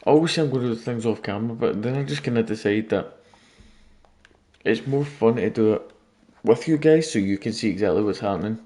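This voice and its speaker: A man's voice: on the low side, a little fast, mellow. A man casually commenting on his gameplay late at night, rambling and joking with viewers. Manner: rambling, jokey, talking to viewers. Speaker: gaming YouTuber.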